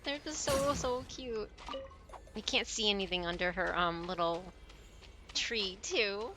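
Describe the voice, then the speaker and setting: Speaking a little slowly in a pushed, bright mid-range voice, a young adult woman chats casually while streaming a video game. Her let's-play banter is full of giggles, gushing, and frequent laughter.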